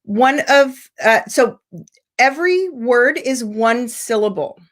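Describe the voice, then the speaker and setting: A woman from the United States teaching English pronunciation in an online seminar, explaining slowly and stretching out example words over a video call. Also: on the high side, expressive. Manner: slow, deliberate explaining with drawn-out example words.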